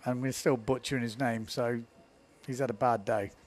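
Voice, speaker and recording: A man's voice: medium pitch, steady tone, normal speed. A man commentating live windsurfing, chatty and self-mocking, laughing often as he talks.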